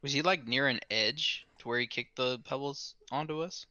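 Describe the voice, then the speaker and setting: A man's voice: mid-range voice, normal speed, sharp tone, no room sound. A man playing a tabletop game who gives brief, matter-of-fact replies, heard through a dull lo-fi recording. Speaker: player. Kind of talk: casual chat at a game table. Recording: dull lo-fi sound.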